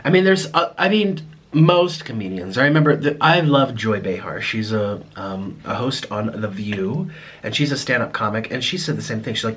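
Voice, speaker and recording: A man's voice: fairly low pitch, expressive, moderate pace, fairly bright tone. Chatty young man rambling while eating. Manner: chatty, rambling, with frequent restarts and aside remarks. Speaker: mukbang vlogger. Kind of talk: casual eating-video chat.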